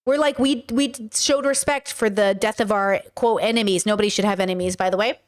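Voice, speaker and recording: A woman's voice: mid-range voice, brisk. A woman hosting a casual reaction commentary, chatty and rambling with frequent laughs. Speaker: commentary host reacting to clips.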